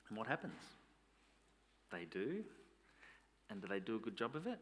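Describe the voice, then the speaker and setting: A man's voice: on the low side, very animated, moderate pace, long pauses. A man, a pastor preaching a sermon in a conversational way, asking rhetorical questions.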